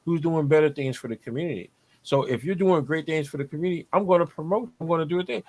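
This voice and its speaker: A man's voice: fairly high pitch, fast, a little mellow. A man, talking on a video call as a podcast co-host, preachy and motivational, repeating his points. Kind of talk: casual panel talk over video call.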